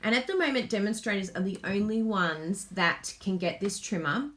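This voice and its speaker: A woman's voice: mid-range voice, moderate pace, a bit bright. Casting: Australian woman in her thirties, chatty craft host, bubbly, laughs easily. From Queensland, Australia. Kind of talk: casual live chat.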